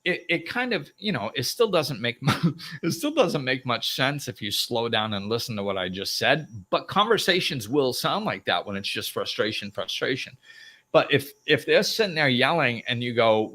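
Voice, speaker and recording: A man's voice: mid-range voice, sing-song, moderate pace, pushed and bright. A middle-aged man hosting a live self-help talk, who laughs often and acts out both sides of arguments. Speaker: host.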